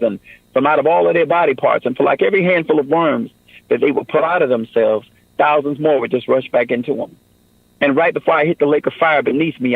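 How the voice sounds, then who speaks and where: A man's voice: mid-range voice, vocal fry, breathy edge, dry recording, phone-quality sound. A man giving an earnest personal testimony in a radio interview, often saying "man" and "you know".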